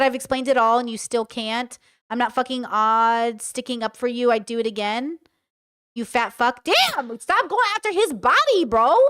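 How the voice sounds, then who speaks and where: A woman talks through a reaction stream in casual commentary. She reads messages aloud and reacts with blunt remarks. Her voice sits a little high, smooth and clear on a close, dry mic. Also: fairly bright tone, no echo.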